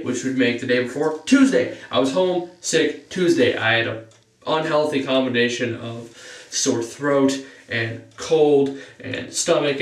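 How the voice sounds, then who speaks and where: A teenage vlogger with a stuffy nose rambles through a casual storytime monologue, far from the mic in an echoey room. He fills gaps with "you know" and his pitch jumps up during the exciting parts.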